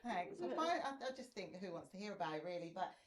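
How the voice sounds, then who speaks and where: A middle-aged woman, a single mother, talking modestly and hesitantly about her work on a casual podcast, with many pauses and ums. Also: fairly low pitch, very animated, a loud crowd. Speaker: property developer and reality show cast member.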